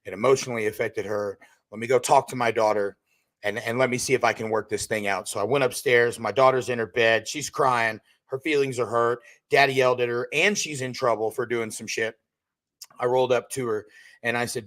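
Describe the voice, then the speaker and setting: Man in his 30s, podcast host, profane, punchy, forceful tone. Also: medium pitch, moderate pace. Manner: loud, hyped and swearing, turning quiet and emotional. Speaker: podcast host and roofing company owner. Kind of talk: profane motivational podcast monologue.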